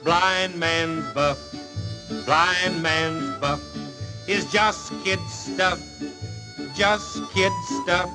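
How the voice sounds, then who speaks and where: An actor playing a jolly traveling spectacles salesman with a folksy fast patter, in a 1940s western film. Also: over loud music, poor audio. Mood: singing. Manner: folksy fast-patter sales pitch, sings comic jingles. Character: jolly male huckster hawking spectacles, folksy and joking.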